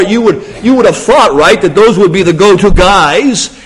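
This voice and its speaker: A man preaching a sermon in a slightly high voice. He drops to a hush, then rises into loud, emphatic questions. His voice trails off into a long reverb from a large hall. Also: measured pace. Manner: dramatic, swings from hushed to loud emphatic questions. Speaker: pastor.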